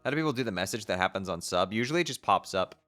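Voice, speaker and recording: Deep-voiced man streaming, thinking aloud. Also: expressive, racing, fairly bright tone, faint music behind. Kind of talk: casual webcomic read-along.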